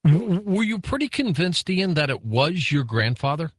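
Male radio interviewer, short probing questions, lively pitch, dry close sound. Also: normal speed, dry recording.

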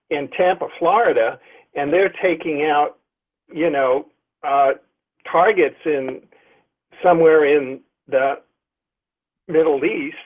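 A man's voice: fairly high pitch, breathy edge. A middle-aged man, a book's author, talking in an expansive, emphatic way as a guest on a phone-in interview. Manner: expansive, emphatic, visionary talk. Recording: tinny phone line.

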